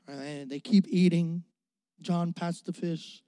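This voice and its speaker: A man's voice: a little high, fairly even intonation, takes it slowly, warm tone, no echo. A young adult man, a youth pastor, preaching a sermon with emphatic repetition and rising and falling volume.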